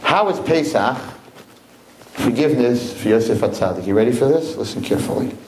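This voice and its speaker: Religious storyteller man, lively sermon, repeats himself, mid pitch. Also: a little fast, noisy background. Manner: animated, repeats phrases.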